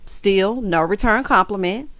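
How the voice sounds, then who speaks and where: A woman recapping a reality show in casual, sassy commentary, calling viewers honey and child and breaking into loud, high laughs. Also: unhurried, no room sound. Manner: sassy, animated, side-eye asides.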